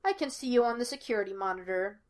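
A woman reading the lines of a cocky, quick-witted young male detective in a fan fiction podfic. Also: fairly high pitch, lively intonation, a little mellow, lightly acted. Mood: teasing. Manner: breezy and teasing.

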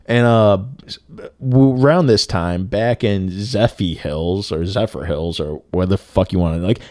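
Male podcast co-host, low voice, dry sound, casual storyteller who swears freely. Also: measured pace, darkish tone, no room sound. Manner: loose and profane, full of "like" fillers.

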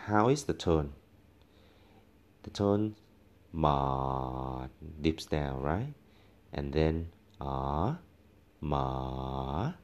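A man's voice: extremely low pitch, lo-fi sound. A man teaching a language lesson, patiently demonstrating tones by repeating each syllable several times. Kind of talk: tone pronunciation lesson.

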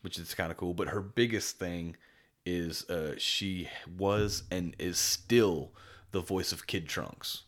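Male podcast co-host, very low voice, rambling enthusiastic chat. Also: slow. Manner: rambling, enthusiastic, many restarts and fillers. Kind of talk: casual chat.

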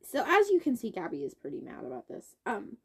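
A young woman co-hosting a casual chat podcast, telling a story in an animated way and acting out what others said. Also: fairly quick, breathy edge. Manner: animated storytelling, quotes others with big pitch swings. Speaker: podcast co-host.

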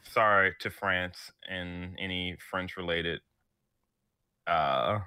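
A man's voice: deep voice, slow pace, sharp tone, clear, resonant tone, no room sound, studio quality. A man co-hosting a podcast, joking around in casual banter and laughing often. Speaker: podcast co-host.

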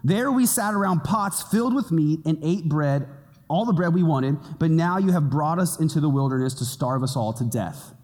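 A man's voice: fairly high pitch, lively intonation, normal speed, a little mellow. A man preaching a sermon as pastor, teaching in a conversational way with playful asides. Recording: long hall reverb.

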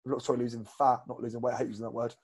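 A man's voice: medium pitch, little pitch movement, very fast, a little mellow, slightly rough. A man co-hosting a casual fitness podcast as a coach, blunt and rambling with lots of fillers.

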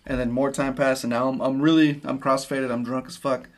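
Casting: man, mid-pitched, easygoing, laughing, chiming in with swearing. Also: level tone, a little fast. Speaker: friend in the conversation. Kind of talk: casual storytelling chat.

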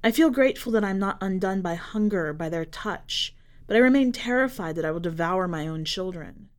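A woman narrating a dark short story for a fiction podcast in a measured, dramatic reading style. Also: medium pitch, animated. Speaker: podcast editor and reader.

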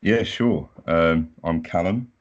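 A young man, a podcast guest chatting casually in a relaxed, modest, unhurried way. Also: deep voice, lo-fi sound. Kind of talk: casual chat.

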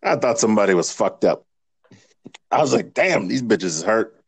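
Male co-host, profane and joking, relaxed chat, dry close mic. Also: lowish voice, normal speed, breathy edge, dry recording. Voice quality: profane, joking, laid-back. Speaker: podcast co-host. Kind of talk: casual podcast chat.

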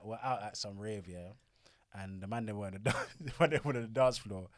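A man's voice: fairly low pitch, a little fast, no room sound, clean studio sound. A man co-hosting a casual podcast. He chats in a teasing, laid-back way, full of slang. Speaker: podcast co-host. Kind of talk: casual chat.

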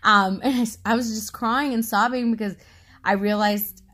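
A woman in her thirties chatting casually as a podcast co-host, talkative and quick to laugh. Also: fairly high pitch, fairly even intonation, fairly bright tone. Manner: chatty, laughs often, talks a lot. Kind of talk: casual conversation.

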